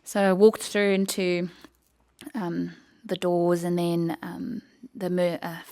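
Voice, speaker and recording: A woman from South Africa, a podcast guest, telling a personal story with emotion and many pauses. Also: on the low side, flat delivery, warm tone.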